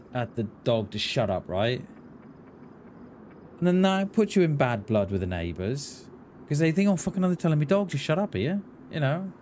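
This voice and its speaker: Blunt, sweary gaming streamer. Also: male voice, a little high, darkish tone, slight background noise. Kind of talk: casual chat while gaming.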